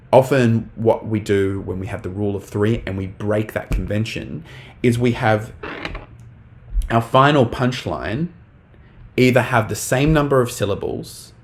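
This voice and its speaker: A young man teaching a live online English lesson, talking casually to the chat with lots of fillers. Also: on the low side.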